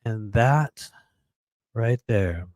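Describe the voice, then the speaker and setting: A man telling a long personal story in a casual monologue, rambling and filling pauses with "you know" and frequent laughs. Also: on the low side, animated, a little mellow, no room sound. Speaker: podcast host telling a story.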